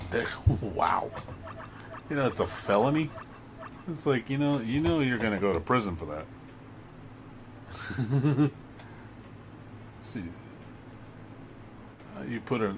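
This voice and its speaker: Low-voiced swearing gamer man. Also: a little hiss or hum. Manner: profane, exasperated ranting. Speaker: livestreamer. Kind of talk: casual chat while gaming.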